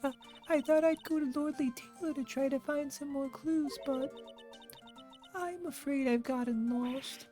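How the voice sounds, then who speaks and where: A shy little girl in a video game dub, voiced by a woman, high and small but soft and mellow in tone. She talks timidly, with hesitant little fillers. Faint game music plays behind her. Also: unhurried.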